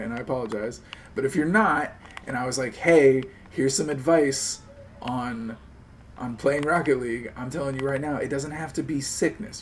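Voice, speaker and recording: A man hosting a live stream, chatting casually and talking a friend into things in an animated, persuasive way, swearing freely and acting out little pleading voices. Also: medium pitch, slight background noise. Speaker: streamer host.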